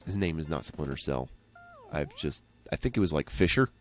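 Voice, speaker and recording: A man's voice: extremely low pitch, very animated, fairly quick, faint music behind. Rambling, joking let's play man. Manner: rambling, joking, goes off on tangents. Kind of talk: casual gameplay commentary.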